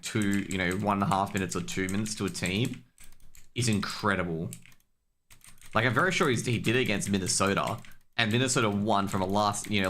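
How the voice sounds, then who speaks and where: Rambling, swearing young man with a bright voice. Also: fairly low pitch, slight background noise. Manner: rambling, profane and loose, many fillers and restarts; gets worked up and louder when ranting. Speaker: streamer. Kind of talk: casual stream chat.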